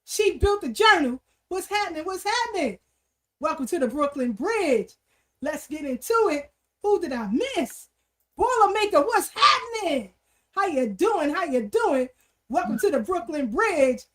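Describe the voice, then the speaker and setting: Female livestream host, high voice, casual and repetitive with street slang. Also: sing-song, unhurried. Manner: repeats greetings in threes, street slang. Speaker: livestream talk show host. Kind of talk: casual livestream chat, shouting out viewers.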